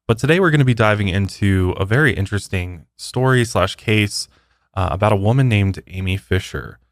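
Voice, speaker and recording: Deep-voiced man podcast co-host. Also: lively intonation, fairly quick, no echo, clean studio sound. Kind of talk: casual chat.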